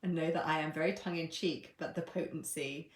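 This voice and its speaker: A woman with a somewhat low voice hosts a casual live stream as a coach, playful and irreverent, laughing at herself and swearing freely. Her voice carries a noticeable echo from the room around her. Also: steady tone, brisk. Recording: echoey room.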